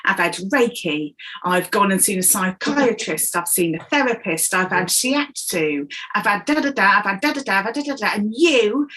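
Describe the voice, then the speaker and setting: A woman's voice: mid-range voice, moderate pace, low-quality recording. A woman, a coach and comedian, talking as a guest in an interview and acting out the voices she quotes. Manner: animated storyteller who acts out quoted voices. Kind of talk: conversational interview.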